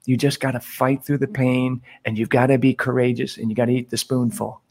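Brisk and a little mellow, with a medium pitch and level tone, a priest guest laughs his way through casual stories on a podcast. He's connected by remote call from Guatemala.

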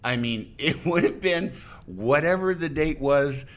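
A man's voice: on the high side, lively intonation, unhurried. A man on a podcast as a guest, chatting casually and telling a rambling anecdote, often breaking off mid-sentence and acting out what people said. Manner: rambling, self-interrupting storyteller who acts out quotes.

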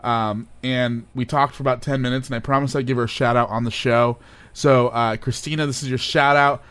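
A young man co-hosting a casual chat show, telling a story in an animated, laughing way with playful overacting. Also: medium pitch, a little fast, clean tone. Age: young adult. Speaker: podcast co-host.

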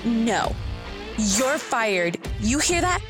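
A woman's voice: on the high side, very animated, extremely slow, over music, full character voice. A woman doing a haughty scolding boss. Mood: scornful. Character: arrogant scornful woman boss.

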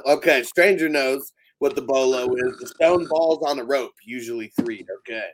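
A man's voice: mid-range voice, measured pace, a little hiss or hum. A man hosting a podcast, recapping a film in a casual, rambling, laughing chat. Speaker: podcast host. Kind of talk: casual movie review chat.

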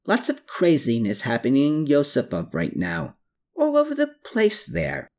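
A man's voice: fairly high pitch, wildly swooping pitch, normal speed, creaky, darkish tone, voice pushed up, heavily acted. A narrator voicing a cheerful, roguish male dealer in an audiobook, jovial and theatrical. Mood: weary, chatty. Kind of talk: audiobook character voice.

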